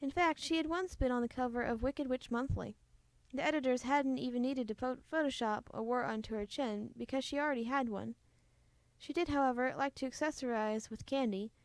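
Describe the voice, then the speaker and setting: A woman with a high, light voice reads a children's storybook aloud, gentle and expressive. Her voice sounds close and dry, with no echo. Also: fairly quick. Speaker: storybook reader. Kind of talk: reading a children's book aloud.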